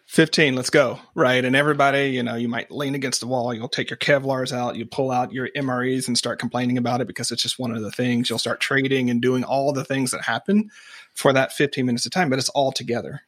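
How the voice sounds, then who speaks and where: Animated male podcast host, dry sound. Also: medium pitch, fast, no room sound. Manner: animated, acts out quoted remarks. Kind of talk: conversational podcast interview.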